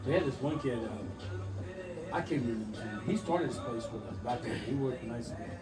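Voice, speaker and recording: A man in his forties telling crude stories to friends over drinks, animated and laughing through them. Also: mid-range voice, a little fast, roomy sound. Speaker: storyteller. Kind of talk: casual storytelling among friends. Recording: distant mic with music behind. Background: music playing.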